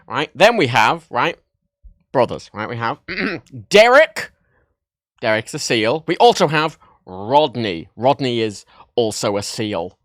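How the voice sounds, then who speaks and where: A man hosting a livestream from his desk, chatting casually and excitedly while he jokes and rambles through a show-and-tell. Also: medium pitch, no echo, studio quality. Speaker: livestream host. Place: home desk setup.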